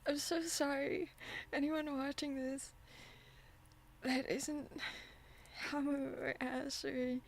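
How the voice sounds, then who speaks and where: A woman's voice: high voice, little pitch movement, takes it slowly, creaky. A woman streamer chatting casually, flustered, stammering and apologizing between laughs. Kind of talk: casual live-stream chat.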